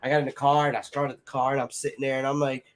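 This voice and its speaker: In rapid-fire speech with a level tone and medium pitch, a man rambles through a personal story in casual conversation. He swears freely, peppers it with "like" and "you know," and acts out what other people said.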